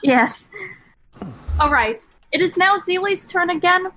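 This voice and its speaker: A woman's voice: extremely high pitch, expressive, a little slow, pushed and bright, low-quality recording. A woman playing a tabletop game, speaking with careful, precise phrasing. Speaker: player. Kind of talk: casual tabletop game play.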